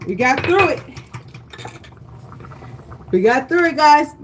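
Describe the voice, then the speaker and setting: A woman's voice: high-pitched, animated, slow pace, slight background noise. A woman hosting a live cooking demonstration from her home kitchen, chatty and encouraging, often checking in with viewers. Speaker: cooking show host. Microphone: livestream setup.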